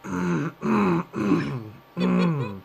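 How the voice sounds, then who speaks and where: Man, slow unhurried talk, deadpan jokes, casual stream chat, faint background hiss. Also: sits high, creaky. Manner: dry, deadpan humor. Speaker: art streamer co-host.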